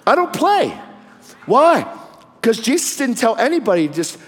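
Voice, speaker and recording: A man preaching a fiery sermon, shouting and telling stories with acted-out quotes, in a large hall with an audience. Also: very high-pitched, wildly swooping pitch, normal speed, gravelly.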